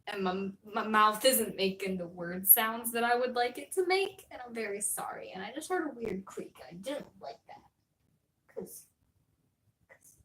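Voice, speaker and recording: A woman's voice: mid-range voice, fairly bright tone, far from the mic. A young woman live streamer chatting casually with her viewers, rambling, giggly and self-deprecating. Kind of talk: casual livestream chat. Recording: roomy echo, voice a little off-mic.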